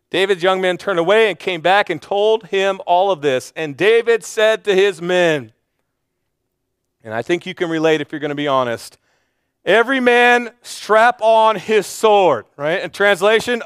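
A man preaching a sermon, telling a Bible story with animated flair and acting out the lines of the people in it. His voice sits high and sounds smooth and resonant. The recording is dry and close. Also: normal speed, dry recording. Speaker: pastor.

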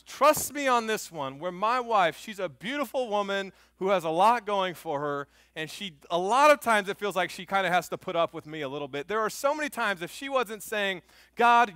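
Middle-aged male pastor, slightly high and bright, animated sermon storytelling, soft in prayer. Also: no room sound, studio quality. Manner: animated storytelling, rising loud on emphasis; soft and hushed when praying.

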